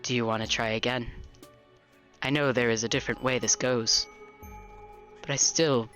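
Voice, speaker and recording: Streamer playing a calm cryptic girl troll, hushed, slow, low, bright tone, faint game music. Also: natural voice. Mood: calm, wistful. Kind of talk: reading a visual novel aloud.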